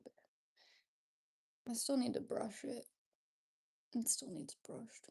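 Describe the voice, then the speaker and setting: A young woman livestreaming, chatting casually and reading out viewer comments in an unhurried, drifting way. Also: a little high, steady tone, gravelly, dark tone, slightly rough.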